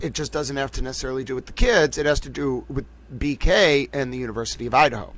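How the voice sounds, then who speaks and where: A male livestream host talks with fervent conviction, hammering points through repetition and pointed rhetorical questions. His voice sits slightly above the usual male pitch, and his commentary swings between forceful appeals and quieter asides. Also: no echo.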